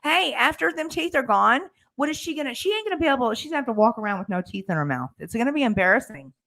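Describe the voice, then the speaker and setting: A woman's voice: a little high, expressive, fast, gravelly, a bit bright. A woman hosting a casual live talk, speaking frankly in plain, everyday grammar. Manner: plain-spoken, nonstandard grammar, frank about her past. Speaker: host of a recovery channel. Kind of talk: casual conversation on a live stream.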